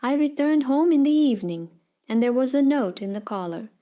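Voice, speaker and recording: A woman narrates a string of short, funny real-life pet anecdotes in an animated storytime manner. Her voice sits a little high yet sounds soft and mellow rather than bright. She lets her loudness rise and drop to land each punchline. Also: a little fast.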